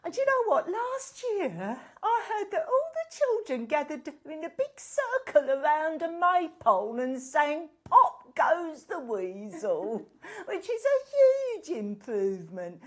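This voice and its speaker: A woman doing a self-dramatizing middle-aged activist, earnest and rambling, as a comedy character. Her voice sits fairly high, and she drags her words out slowly. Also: sing-song, full character voice. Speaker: guest in a comedy sketch.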